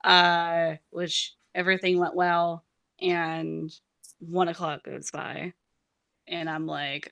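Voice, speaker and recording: Low, gravelly woman telling a rambling story. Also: a little slow, a bit bright, far from the mic. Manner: rambling, many restarts and swearing. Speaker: interviewee. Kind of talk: casual recounting interview.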